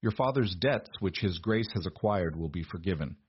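A man's voice: low voice, expressive, normal speed, husky, dry recording, lo-fi sound, full character voice. A man reading the part of a cold, pompous male lawyer with a clipped, sneering delivery. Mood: condescending.

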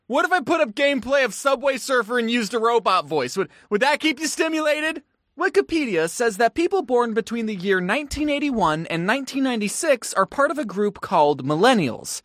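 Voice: mid-range voice, animated, brisk, fairly bright tone, no echo, clean studio sound. A creator in their twenties narrating a scripted video in a wry, self-mocking way, with playful asides. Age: 20s. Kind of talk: casual scripted commentary.

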